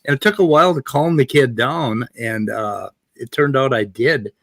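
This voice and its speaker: A man from the United States telling a story casually, animated and swearing often. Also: medium pitch, moderate pace, no echo. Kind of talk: casual conversation.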